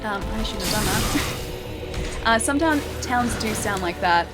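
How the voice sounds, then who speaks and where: A young Australian woman streams a game and chats loosely with viewers, reading their messages, rambling, laughing often and using lots of fillers. Her mid-range voice is animated but measured, with game music playing behind her.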